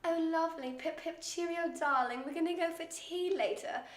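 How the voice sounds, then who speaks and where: Prim posh british lady, a woman doing the voice, high and lilty, echoey room. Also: normal speed, noisy background. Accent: posh British, put on. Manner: high, lilting and exaggerated.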